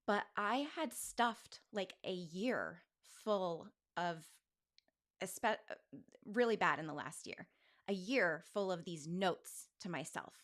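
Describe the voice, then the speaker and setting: A woman's voice: lowish voice, expressive, takes it slowly, a bit bright. A woman in her forties, a podcast host, talking candidly in a rambling, self-questioning way with many fillers. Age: 40s. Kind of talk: candid personal monologue.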